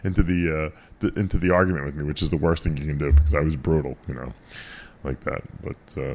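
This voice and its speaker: A man's voice: extremely low pitch, quick pace, vocal fry, background noise. A middle-aged man hosting a radio show, telling rambling stories in casual, profane chat.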